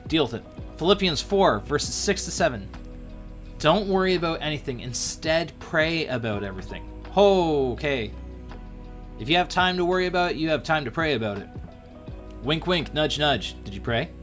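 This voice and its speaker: A man hosting a livestream, teaching a Bible passage in a casual, jokey way with sudden jumps in pitch and playful asides. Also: animated, normal speed, a bit bright, faint music behind.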